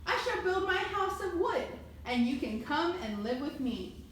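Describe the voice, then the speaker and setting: A woman's voice: high-pitched, sing-song, measured pace, heavy reverb, recorded from a distance, slight background noise. A woman doing a bossy little pig brother. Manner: know-it-all, then squealing for help. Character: bossy young male second little pig.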